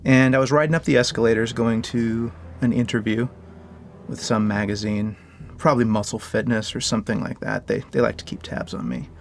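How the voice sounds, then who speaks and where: A game developer recounting a story in an interview, animated and joking. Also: male voice, medium pitch, brisk, creaky. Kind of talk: interview anecdote.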